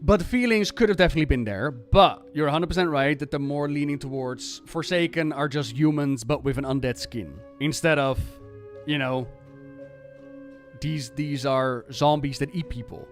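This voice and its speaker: A man streamer chatting casually about game lore in an animated, ranting and profane way. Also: a little high, normal speed, soft background music.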